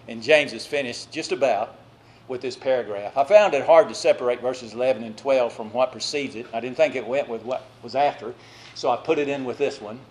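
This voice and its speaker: A male preacher giving a sermon, swinging between loud exhortation and quiet, drawn-out phrases, with conversational asides to the congregation. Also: medium pitch.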